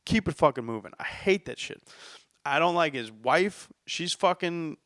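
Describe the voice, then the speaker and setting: A man's voice: fairly high pitch, animated, normal speed, a bit bright, no room sound, clean studio sound. A man hosting a casual solo podcast, venting about sports with heavy cursing and a worked-up, ranting manner. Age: adult, says he is older now. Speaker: podcast host.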